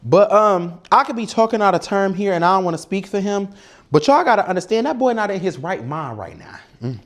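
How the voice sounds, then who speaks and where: A man's voice: sits high, lively intonation, brisk. A man from Detroit hosting a casual cooking show, talking bluntly and swearing a lot, muttering to himself at the stove. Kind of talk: casual talk while cooking. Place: home kitchen.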